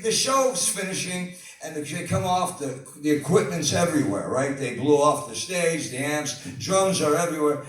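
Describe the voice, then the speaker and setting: An older man with a fairly high voice tells a rambling story on stage, full of laughing asides. The sound booms around an echoey hall, and the mic is well away from him. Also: far from the mic. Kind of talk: live anecdote. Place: live venue.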